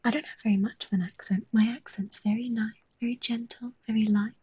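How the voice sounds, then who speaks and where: A woman's voice: a little high, fairly even intonation, fairly quick, darkish tone, husky, rough recording. A woman with a London accent, chatting casually on a live stream while she draws, joking, swearing and reading chat aloud.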